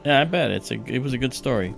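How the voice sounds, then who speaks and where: A man's voice: mid-range voice, animated, fast talker, vocal fry, faint music behind. A man hosting a livestream, telling a childhood story in casual chat and acting out the other people's voices as he goes. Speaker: livestream host.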